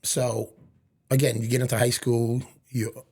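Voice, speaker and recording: A middle-aged man from Lawrence, Massachusetts, telling stories from his childhood as a podcast guest and acting out quick bits of back-and-forth dialogue. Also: mid-range voice, little pitch movement, darkish tone, breathy edge. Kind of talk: storytelling in casual conversation.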